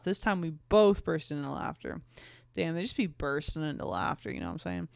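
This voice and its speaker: A woman's voice: lowish voice, expressive, a little fast, gravelly, smooth, no echo. A young woman podcast host reading aloud a fanfic she wrote as a teen, tipsy and giggly, breaking off for asides. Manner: tipsy, giggly asides between read passages.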